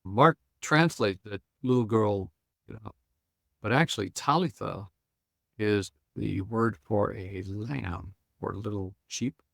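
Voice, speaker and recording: An older man, a pastor and Bible scholar, retelling a story with lively acted-out lines and chuckles in a podcast conversation. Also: lowish voice, slow pace, vocal fry, dry recording, studio quality. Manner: retells scenes acting out quoted lines, chuckling.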